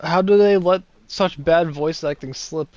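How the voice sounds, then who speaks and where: A man's voice: on the high side, measured pace, a little mellow, dry recording. A young man giving casual, rambling gameplay commentary with sarcastic asides and chuckles. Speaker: gameplay streamer.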